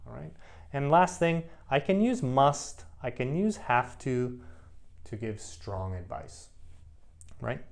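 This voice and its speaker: A man teaching an English grammar lesson, speaking slowly and emphatically and repeating each example sentence. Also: medium pitch, very animated, creaky, darkish tone.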